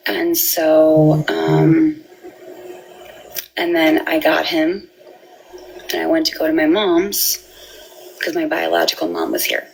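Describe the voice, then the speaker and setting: A woman giving a halting, emotional personal account, often repeating words and restarting. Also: deep voice, lively intonation, creaky, slight background noise, rough recording. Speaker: parent telling her story.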